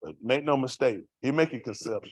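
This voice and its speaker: With a darkish tone and medium pitch, he speaks quickly while sharing a street-life testimony before a congregation. His telling is raw and vernacular, punctuated by rhetorical questions to the room, and the recording has no room sound.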